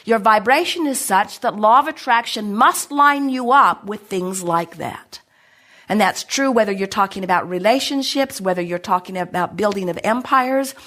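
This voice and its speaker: A middle-aged woman addresses a seminar audience with emphatic, animated conviction. She speaks of herself as "we" and drives each point home like a motivational teacher. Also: medium pitch. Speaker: spiritual speaker answering an audience. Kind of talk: inspirational seminar talk.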